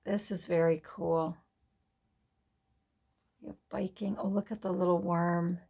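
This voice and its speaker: A woman from the USA hosting a casual craft flip-through, softly gushing over each page. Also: fairly low pitch, fairly even intonation, slow, vocal fry, slightly rough. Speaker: craft vlogger.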